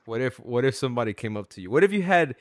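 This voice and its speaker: A man's voice: mid-range voice, sing-song, rapid-fire, no room sound. A man hosting a casual podcast chat, joking and telling stories with acted-out quotes. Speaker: podcast host.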